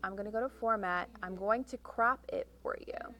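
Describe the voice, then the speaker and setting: A woman teaching a software tutorial, talking through each click step by step and reading instructions aloud. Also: medium pitch, normal speed, muffled recording. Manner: reads instructions aloud, correcting herself. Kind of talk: screen-recorded software tutorial.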